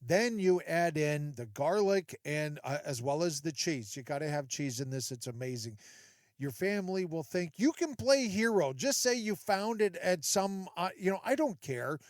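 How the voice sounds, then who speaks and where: A chatty, joking man hosts a solo podcast and talks right to his listeners. His voice sits a bit high. The sound is dry and close. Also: lively intonation, normal speed, no echo. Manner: chatty, jokey, talks straight to listeners with asides. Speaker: podcast host. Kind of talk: solo casual podcast monologue.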